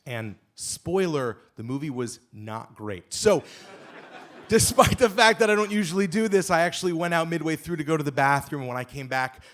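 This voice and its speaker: A man telling a true story at a live storytelling event, speaking into a stage microphone with emphatic, comic delivery that rises to shouts at the punchlines. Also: mid-range voice.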